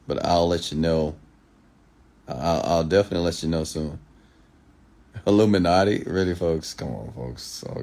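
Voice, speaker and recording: A man with a deep, darkish voice hosts a late-night live stream, reading out viewer comments and responding to each. He varies his pace and tone on purpose, at times easing into a slow, measured news-anchor style.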